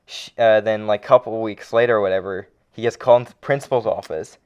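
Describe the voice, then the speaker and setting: A young man co-hosting a casual podcast, telling a story in a halting, hesitant way. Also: fairly low pitch, fairly even intonation, darkish tone, smooth, muffled recording. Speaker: podcast co-host. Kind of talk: casual chat.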